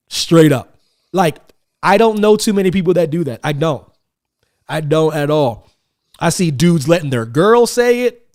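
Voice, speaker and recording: Animated man telling stories on a podcast. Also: on the high side, a little slow, long pauses. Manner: animated storytelling, acts out quotes. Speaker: podcast host. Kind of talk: casual podcast chat.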